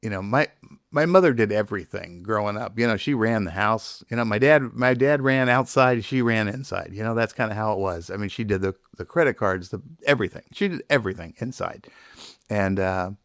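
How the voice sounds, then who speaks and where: A man guesting on a podcast, talking haltingly and searching for his words. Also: lowish voice, a bit bright, no room sound, clean studio sound. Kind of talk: casual podcast chat.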